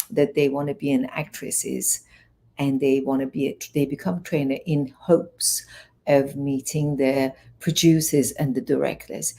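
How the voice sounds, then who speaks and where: Deep gravelly woman from iran, fifties, rambly interview storytelling, keeps restarting. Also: a little slow. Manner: rambling, animated retelling with many restarts. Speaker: guest, fitness and wellness coach.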